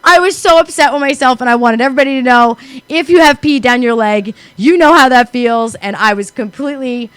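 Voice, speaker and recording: A woman co-hosting a casual chat show, telling stories in a profane, animated way. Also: sits high, fairly quick, hardly any pauses, smooth, no room sound. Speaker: co-host.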